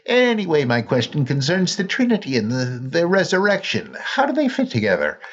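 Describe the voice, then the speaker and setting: A man's voice: a little high, huge pitch swings, normal speed, highs cut off, voice pushed up. A man putting on a mock Finnish accent. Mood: mock earnest. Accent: put-on Finnish accent. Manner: exaggerated mock-accent reading of a letter. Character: listener writing in from abroad, earnest questioner. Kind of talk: reading a listener letter aloud.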